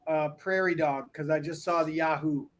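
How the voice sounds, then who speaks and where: High-pitched man, podcast co-host, casual, blunt, playfully crude. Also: steady tone, moderate pace. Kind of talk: casual chat.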